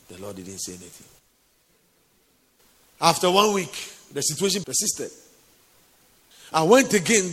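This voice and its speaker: A man's voice: a little high, very animated, measured pace, long pauses, fairly bright tone, slightly rough. A male preacher giving a sermon with a personal testimony, speaking intimately to listeners as honey and sweetheart. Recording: reverberant hall.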